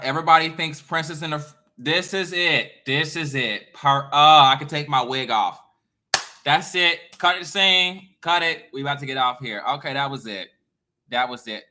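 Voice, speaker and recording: A man in a casual monologue to his viewers, emphatic, profane and lecturing, swinging between loud bursts and quiet asides. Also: medium pitch. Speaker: online creator.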